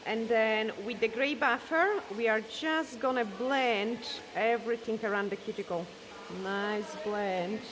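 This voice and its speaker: Female nail technician, Polish native, casual step-by-step tutorial talk, strained voice, clear background noise. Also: on the high side, a little slow, few pauses. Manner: chatty, explains steps as she works. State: losing her voice. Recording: background noise from a hair dryer.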